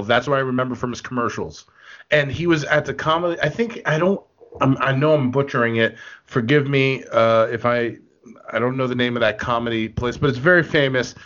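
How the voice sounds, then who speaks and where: A man co-hosting a casual podcast, telling rambling stories in an excitable way and laughing often. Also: medium pitch, normal speed. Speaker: podcast co-host. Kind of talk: casual chat. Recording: dull lo-fi podcast audio.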